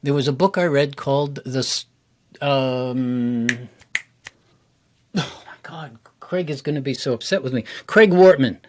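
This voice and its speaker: Male coach, interview guest, mid pitch, energetic and expressive delivery. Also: a little slow, slight background noise. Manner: animated, enthusiastic, jumps up in pitch for emphasis. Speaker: public speaking coach. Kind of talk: casual interview chat.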